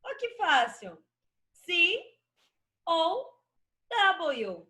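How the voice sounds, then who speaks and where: A young Brazilian woman teaches English to young children, her voice high and bright. She talks very slowly, with a sing-song lilt, and spells each word out letter by letter. Her tone stays warm and encouraging throughout the lesson. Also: huge pitch swings. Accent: Brazilian Portuguese. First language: Portuguese.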